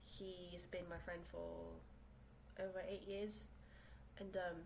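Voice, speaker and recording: A woman's voice: on the low side, flat delivery, takes it slowly, a little mellow, slight background noise, rough recording. A young woman from South Korea who speaks English as a second language, hosting a casual solo podcast from her small room and rambling with lots of fillers and restarts. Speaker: podcast host.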